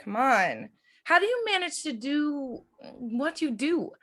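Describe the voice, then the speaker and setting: A woman reading a high, teasing femme fatale. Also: big pitch swings, a bit bright, heavily acted. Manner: teasing, playful, measured. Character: Electra, poised, elusive multilingual young woman. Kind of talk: amateur script table read.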